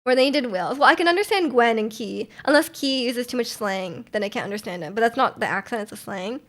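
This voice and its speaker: Young woman, livestreamer, casual rambling chat, frequent laughs, fairly high voice, home desk mic. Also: expressive, quick pace, fairly bright tone. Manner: rambling and chatty, laughs often, answers chat.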